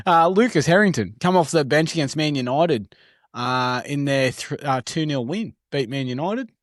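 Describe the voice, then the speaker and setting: A man's voice: fairly high pitch, expressive, measured pace, long pauses, dry recording, clean studio sound. An Australian man co-hosting a sport podcast in casual chat, bantering with laughs and swearing. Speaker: podcast co-host.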